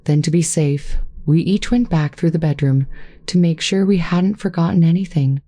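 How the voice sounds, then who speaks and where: A woman narrating a first-person story in a steady, even reading voice. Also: deep voice, normal speed, no echo.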